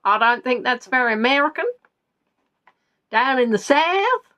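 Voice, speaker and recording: Woman, quiz host, live stream from home, playful, rambling, very lively pitch, slightly high voice. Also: slow, dull audio. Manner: playful, rambling, jokey asides, reading out viewers' answers.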